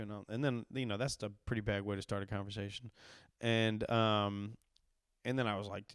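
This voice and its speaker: A man in his thirties, a comedian hosting his podcast, telling a story in a casual, profane, animated way and acting out the quotes. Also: lowish voice, normal speed, smooth, dry recording, clean studio sound. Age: 30s.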